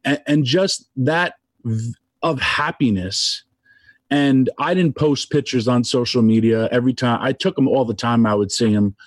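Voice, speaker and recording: A tearful man giving an emotional tribute, halting and restarting as his voice catches. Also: medium pitch, no room sound. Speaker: guest speaker.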